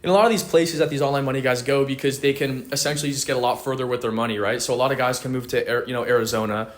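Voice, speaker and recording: Young man, 18, casual storytelling, slangy, swears often, mid-pitched. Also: fairly even intonation, very fast. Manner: slangy, swears, heavy filler "like". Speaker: podcast guest. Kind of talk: casual chat.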